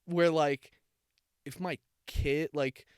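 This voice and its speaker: Smooth-voiced man telling a heartfelt story. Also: a little high, fairly even intonation, slow pace, no echo, studio quality. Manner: rambling, heartfelt storytelling with many fillers. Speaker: podcast co-host. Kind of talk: casual chat.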